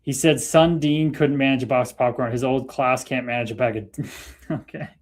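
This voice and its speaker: A man's voice: mid-range voice, fairly even intonation, normal speed. A man with a Canadian accent hosting a casual livestream, chatting loosely with viewers and laughing often. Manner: laid-back, chatty, laughs often, talks to viewers by name. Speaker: livestream host. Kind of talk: casual livestream chat reading comments.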